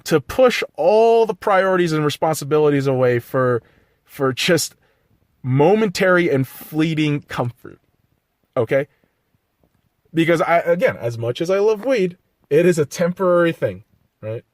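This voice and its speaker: Profane, lively-pitched man ranting on a podcast. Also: unhurried, no room sound, clean studio sound. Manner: profane, self-critical ranting with pep-talk asides. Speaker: podcast host. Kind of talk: solo podcast rant.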